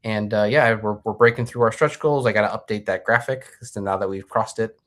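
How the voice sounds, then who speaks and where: A man's voice: fairly low pitch, brisk, fairly bright tone. A man guesting on a podcast, chatting casually and enthusiastically about his own comics over a video call, rambling a little. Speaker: guest, comic book creator. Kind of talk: casual chat.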